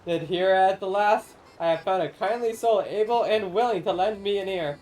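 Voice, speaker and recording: A woman's voice: medium pitch, moderate pace, a little mellow, close to an everyday voice, poor audio. Woman voicing an ancient, mournful corn spirit. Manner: archaic, solemn, theatrical speech. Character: ancient lonely corn spirit, grandiose and sorrowful. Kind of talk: reading game dialogue aloud on stream.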